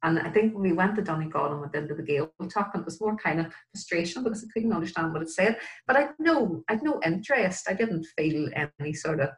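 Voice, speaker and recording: Brief: woman, 60s, low voice, candid, self-deprecating guest. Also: expressive, quick pace, hardly any pauses, rough recording. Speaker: guest, Irish language learner. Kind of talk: casual interview chat.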